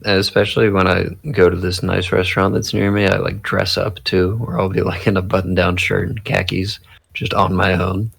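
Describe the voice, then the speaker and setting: A man's voice: deep voice, level tone, normal speed, gravelly, a bit bright, breathy edge. A young man in his twenties co-hosting a podcast, laid-back and self-deprecating, laughing often. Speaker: podcast co-host. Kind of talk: casual chat.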